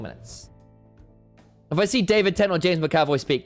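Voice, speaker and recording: A man chats casually to viewers of a live stream during a break in the match broadcast. His pitch moves around a lot as he rambles, restarts sentences and doubles up words. Soft music plays faintly in the background. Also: sing-song, fast talker. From United Kingdom. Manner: rambling, self-interrupting, repeats words. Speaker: esports co-caster.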